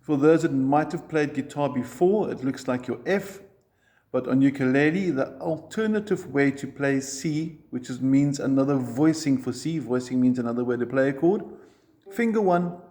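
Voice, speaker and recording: A man's voice: mid-range voice, moderate pace, warm tone. A man teaching a ukulele lesson, explaining chord shapes step by step and counting strums aloud. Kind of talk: music lesson.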